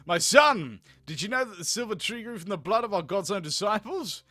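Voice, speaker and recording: A man's voice: high voice, expressive, pushed and bright, no room sound, exaggerated voice. A man reading a stern, formal noble father. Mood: proud. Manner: measured, formal.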